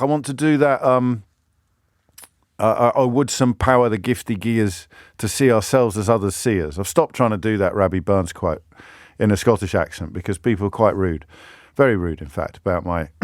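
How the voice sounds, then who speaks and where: A man's voice: mid-range voice, dry recording. A man hosting a radio phone-in from a studio, talking in a chatty, self-mocking way with frequent restarts and repeated words. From Britain. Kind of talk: talk radio monologue. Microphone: studio microphone.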